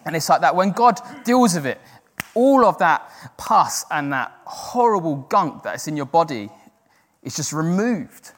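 A man's voice: a little high, very animated, measured pace. A man preaching a sermon in an earnest, self-deprecating way, acting out the doubting voices in his head. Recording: long hall reverb.

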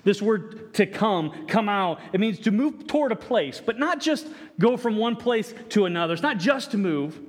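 A man's voice: sits high, lively intonation, normal speed, few pauses. A man preaching a sermon with earnest, stammering restarts, acting out the quoted lines. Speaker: pastor. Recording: echoey hall reverb.

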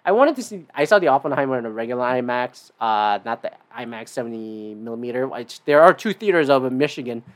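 A man talks alone on his podcast in a loose, rambling way, swearing often and leaning on fillers. His voice jumps high and drops low as he goes. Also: lively intonation, fast, hardly any pauses. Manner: rambling and profane, with many fillers. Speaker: podcast host. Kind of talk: casual solo podcast monologue.

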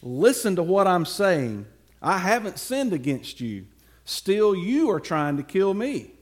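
An earnest young warrior speaks out loudly and passionately, as a man puts him on. The voice sits fairly high and swings widely in pitch. Each line of his appeal comes at a slow, deliberate pace. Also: sing-song. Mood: impassioned. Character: young male warrior, earnest and loyal to the king.

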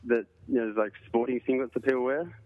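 A man's voice: medium pitch, quick pace, narrow, tinny audio, crowd noise. A man co-hosting a podcast, joining by phone from a pub and telling a rambling story with frequent laughs. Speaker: podcast co-host. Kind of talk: casual chat.

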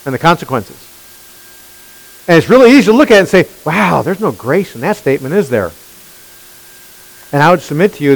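A man's voice: fairly high pitch, poor audio. A male pastor preaching a sermon, emphatic and constantly questioning his listeners. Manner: animated, questioning the congregation, emphatic.

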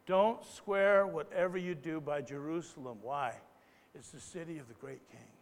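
A man preaching a live sermon as pastor, talking conversationally and then building to loud, emphatic, impassioned bursts. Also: on the high side, normal speed. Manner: conversational asides, stops himself to rephrase. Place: church hall. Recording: live church recording with long reverb.

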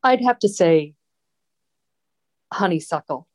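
A woman, a former show singer, being interviewed and reminiscing in an unhurried, warm way. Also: lowish voice, expressive, no echo. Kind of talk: casual podcast interview.

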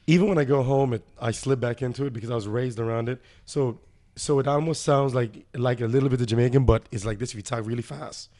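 A man's voice: medium pitch, fast talker, mellow. A man guesting on a casual podcast, earnest and emphatic, building his points with rising stress. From Virgin Islands family background.

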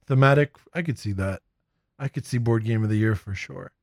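A man hosting a casual tabletop games podcast, animated and quick to laugh, recording in a makeshift home studio. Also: fairly low pitch, dry recording. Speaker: podcast host.

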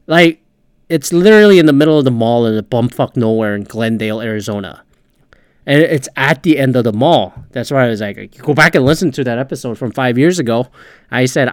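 A man in his thirties hosting a podcast, ranting casually and profanely in an animated way. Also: medium pitch, dry recording, clean studio sound. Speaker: podcast host. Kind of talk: casual monologue.

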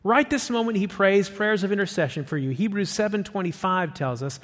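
High-voiced guy preaching, swings up and down a lot, echo hanging in the room. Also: a little fast. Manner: emphatic, rising on questions, dropping low and soft for quotes. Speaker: pastor. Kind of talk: sermon.

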